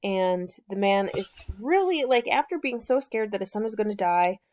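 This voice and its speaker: A woman hosts a book chat and retells the story of a novel in an easygoing, conversational way. Her speech is loose and unpolished, full of fillers and self-corrections as she walks through the plot. Her pitch sits in a typical middle range for a woman. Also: animated, normal speed, a little mellow. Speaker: book discussion host.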